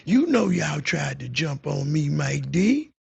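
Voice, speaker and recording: A man voicing an enraged armed man who shouts and threatens while hunting someone down. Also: fairly high pitch, very animated, slow pace, gravelly, husky, heavily acted. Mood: furious yelling. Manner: shouting, menacing.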